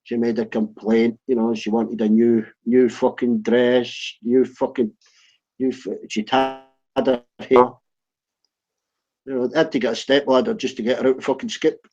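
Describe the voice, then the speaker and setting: A man's voice: mid-range voice, flat delivery, normal speed, a little mellow. Man, blunt, dry, swears freely, lo-fi video call sound. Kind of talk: crude casual anecdotes.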